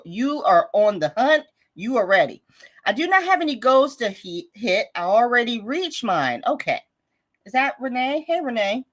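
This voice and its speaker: A woman chats through a budgeting live stream, reading comments aloud and cheering viewers on. Her voice sits a little high and swoops through a lively, animated range. She sounds friendly, encouraging and relaxed. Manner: upbeat, encouraging, chatty with y'all. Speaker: budgeting livestream host.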